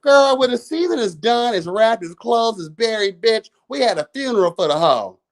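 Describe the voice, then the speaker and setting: A man's voice: very high voice, animated, normal speed. A man in his thirties, a reality show commentator, giving a profane, sassy, exasperated rant on a live review and calling his listeners girl and y'all. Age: 30s.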